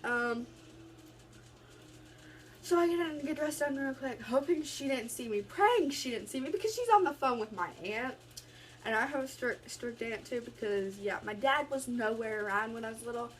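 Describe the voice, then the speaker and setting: A woman's voice: fairly high pitch, lively intonation, moderate pace, low-quality recording. Chatty young woman vlogging. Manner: rambling, chatty, many restarts. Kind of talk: casual storytime vlog. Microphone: phone camera.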